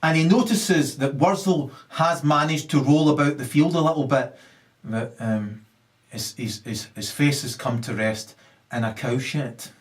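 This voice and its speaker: A man's voice: mid-range voice, a little slow. Rambling profane storyteller, man. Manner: rambling, profane, many ums and restarts.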